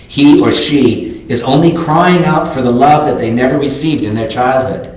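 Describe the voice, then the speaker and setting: A man's voice: mid-range voice, normal speed. An older man giving a reflective, earnest sermon as a minister, reading quotes aloud. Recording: very echoey sanctuary.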